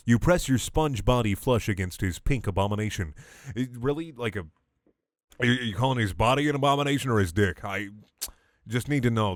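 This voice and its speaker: Reading fan fiction aloud for comedy online, a young man keeps interrupting himself with sarcastic, exasperated rants full of swearing. His voice is on the low side, and the studio-quality recording has no echo.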